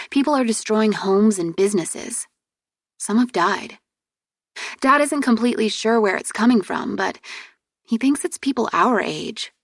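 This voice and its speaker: A woman reader voicing a proud, exasperated young princess heir in an audiobook, with sharp, indignant retorts. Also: medium pitch, no room sound, studio quality, lightly acted.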